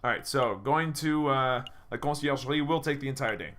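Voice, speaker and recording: A man's voice: medium pitch, normal speed, a bit bright. A man hosting a let's play, making wry, joking asides while reading through a visual novel. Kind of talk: casual game commentary. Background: faint game music.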